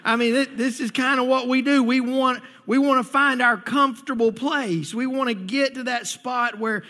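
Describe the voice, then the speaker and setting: A middle-aged man delivers a sermon as a church pastor, mixing scripture with funny stories. He talks with a high, bright voice, stammers on his restarts, and acts out the people he quotes. The long reverb of a church hall trails behind every word. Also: steady tone, moderate pace. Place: church sanctuary.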